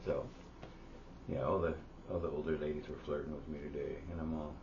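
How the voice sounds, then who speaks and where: A man co-hosting a casual podcast, telling stories animatedly and swearing often. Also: a little fast. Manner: animated storyteller, swears a lot, jumps high for quoted voices. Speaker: podcast co-host. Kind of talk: casual chat. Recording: slightly dull audio with faint hiss.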